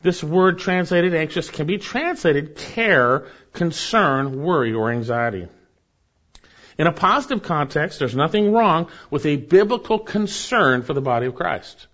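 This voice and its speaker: A male pastor preaching a sermon, rising for emphasis and then dropping soft. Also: a little high, expressive, measured pace, muffled recording.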